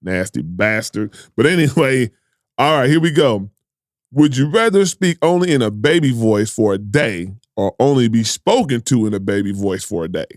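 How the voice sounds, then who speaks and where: A man hosting a casual comedy podcast, telling animated, profane stories and breaking into laughter. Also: mid-range voice, normal speed, dry recording, clean studio sound. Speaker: podcast host.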